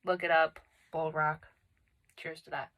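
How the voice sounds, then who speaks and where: A woman's voice: low-pitched, little pitch movement, unhurried, dull audio. A woman hosting a solo podcast, recorded in a home closet on a phone and computer, talking in a chatty, self-deprecating way with lots of fillers. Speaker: podcast host. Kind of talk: casual solo podcast chat.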